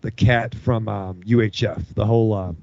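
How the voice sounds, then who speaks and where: A man on a podcast he co-hosts tells a long, casual story full of curses, acting out what others said. His voice is fairly low, creaky and a little mellow, with a steady tone at normal speed, and the audio is dull and dry without echo.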